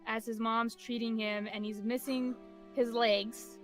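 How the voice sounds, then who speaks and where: A woman's voice: a little high, little pitch movement, measured pace, faint music behind. A woman narrating and running a tabletop role-playing game, describing scenes casually with frequent fillers. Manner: laughs often and describes scenes with many fillers. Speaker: game master.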